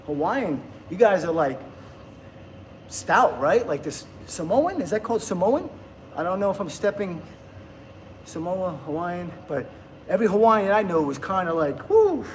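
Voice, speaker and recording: A man's voice: high-pitched, lively intonation, normal speed, slight background noise. A man in his fifties from the United States, chatting casually on a livestream and answering viewer comments in an upbeat way. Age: 50s.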